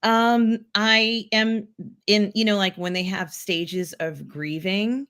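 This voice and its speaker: A woman's voice: mid-range voice, steady tone, slow pace, fairly bright tone, smooth. A woman hosting a casual live pop culture stream, reading out viewer comments in a rambling way with many filler ums.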